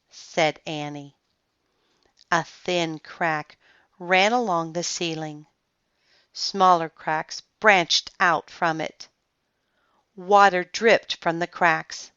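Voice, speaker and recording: Slow, bright woman reading a storybook. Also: low-pitched, fairly even intonation, clean tone, no echo. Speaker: reader. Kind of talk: children's book read-aloud. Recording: dull lo-fi sound, dry.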